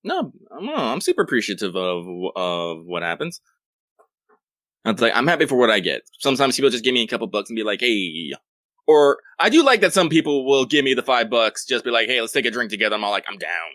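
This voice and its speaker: A man with a mid-pitched, bright, animated voice chats quickly and jokes with his co-host. The sound is close and dry. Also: no room sound. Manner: laid-back, joking, reads listener mail. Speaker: podcast co-host. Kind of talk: casual gaming podcast chat.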